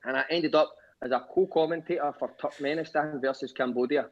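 Speaking a little high and a little fast, a Scottish man with a Glasgow accent calls in with a casual anecdote. He takes wry digs at himself and swears a fair bit, heard over a dull lo-fi line.

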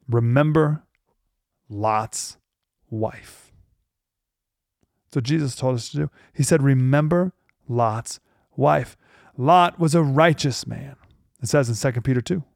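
Man, radio host, Bible teaching talk, gravelly voice, emphatic, dry close sound. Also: medium pitch, dry recording. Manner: emphatic, slows down on key phrases.

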